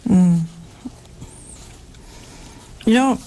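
A woman preaching a sermon in a slow style, asking the listeners rhetorical questions and breaking into animated exclamations. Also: medium pitch.

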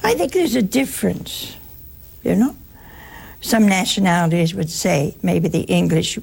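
A woman's voice: lowish voice, big pitch swings, a little slow, gravelly, a little mellow, slightly rough. An older woman, a religious sister, gives an informal talk to an audience, telling stories in a folksy, joking way.

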